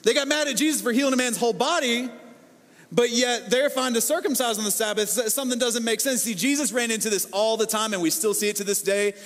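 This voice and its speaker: A high-voiced man preaching from a church stage, his words trailing off into the long reverb of a big hall. He talks to the congregation in a lively, conversational way and acts out the voices of the people in his stories. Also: fast. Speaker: pastor. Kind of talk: sermon.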